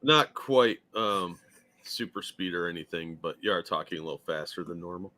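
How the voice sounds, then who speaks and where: A man's voice: sits low, animated, moderate pace, sharp tone. A man co-hosting a casual political commentary show, chiming in with dry, blunt remarks. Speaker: co-host.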